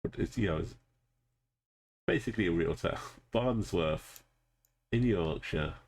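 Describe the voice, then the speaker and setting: Male streamer, low and gravelly, relaxed live-commentary delivery while playing. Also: unhurried, slight background noise. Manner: thinks aloud, greets chat viewers. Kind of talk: casual live gameplay commentary.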